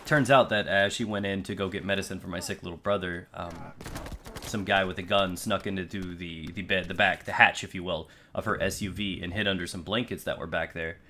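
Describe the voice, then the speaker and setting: A man's voice: low voice, steady tone, brisk, sharp tone, slight background noise. A young American man telling a personal story to his channel viewers in an earnest, conversational way, with frequent fillers and restarts. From United States. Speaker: YouTube creator.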